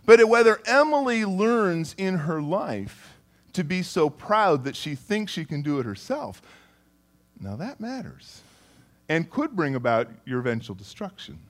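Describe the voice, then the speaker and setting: A man's voice: high voice, big pitch swings, measured pace. A middle-aged man preaching a sermon in a conversational way, calling on listeners by name and often repeating words. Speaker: pastor.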